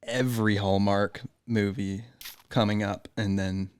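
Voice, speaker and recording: A man hosting a podcast, chatting easily and reading out quick either-or questions. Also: fairly low pitch, level tone, smooth. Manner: easygoing, reading quiz questions. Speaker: podcast host. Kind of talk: casual chat.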